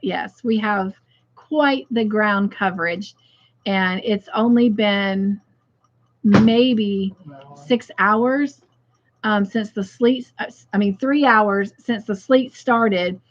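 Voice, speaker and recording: A woman's voice: mid-range voice, takes it slowly, highs cut off. A woman hosting a casual craft livestream, chatting and greeting viewers by name as she reads their comments aloud.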